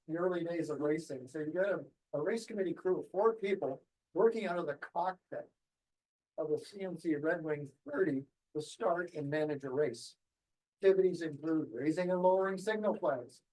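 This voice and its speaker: A man's voice: sits high, a little mellow, rough recording. A man giving an anecdotal presentation to a club, rambling a little with ums and restarts. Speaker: guest speaker.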